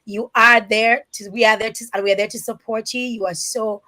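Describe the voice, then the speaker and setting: A woman from Dominica hosting a live online interview, chatting warmly and reading viewer comments aloud with lively emphasis. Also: a little high, fairly quick. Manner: animated and emphatic, many restarts. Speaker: host.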